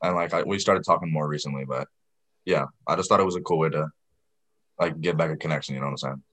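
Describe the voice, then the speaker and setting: A man's voice: very deep voice, quick pace. A young man guest, chatting loosely and rambling through his answers. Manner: relaxed, rambling with fillers. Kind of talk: casual chat.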